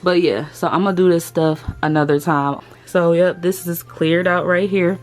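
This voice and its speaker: A young woman tells stories in a casual vlog. She talks into a handheld phone from her car and a store aisle. She is chatty and animated, slipping into playful voices for the people she quotes. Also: on the low side, moderate pace, over music. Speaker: vlogger.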